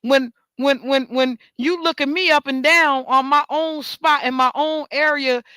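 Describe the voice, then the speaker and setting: A woman rants straight into the mic in a high, bright voice. She swears freely and repeats words for emphasis, and the dry recording has no room sound. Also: steady tone, a little slow, no room sound. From New York. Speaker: talk show host. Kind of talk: ranting monologue.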